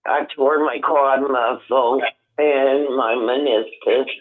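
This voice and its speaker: An older man calling in on the phone, talking in a rambling, halting way with many restarts. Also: medium pitch, steady tone. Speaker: caller. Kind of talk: casual phone chat. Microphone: telephone. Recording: tinny phone line.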